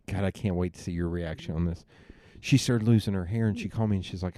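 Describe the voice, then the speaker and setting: A young man with a fairly low voice hosts a podcast in casual conversation. He tells long family anecdotes and slips into the voices of his parents between laughs. The recording is dry and close. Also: quick pace, dry recording. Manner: animated storyteller, quoting family with laughs. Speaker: podcast host. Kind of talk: casual storytelling chat.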